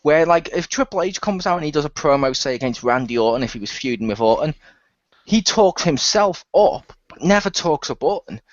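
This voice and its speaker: A man's voice: a little high, expressive, a little fast, no echo. Blunt, opinionated man, muffled lo-fi. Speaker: podcast co-host. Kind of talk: casual opinionated commentary. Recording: dull dry lo-fi audio.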